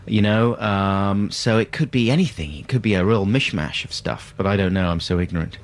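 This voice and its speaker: A man's voice: on the low side, a little fast. A man co-hosting a radio show from a broadcasting truck at a festival, bantering playfully. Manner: playful, jokey. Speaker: radio host.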